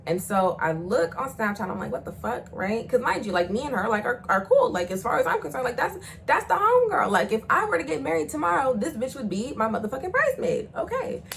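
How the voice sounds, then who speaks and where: A woman's voice: on the high side, big pitch swings, fast talker, gravelly, few pauses, fairly bright tone, rough recording. A young woman vlogger telling a personal story in a casual, slangy way, swearing freely and acting out the voices of the people she quotes.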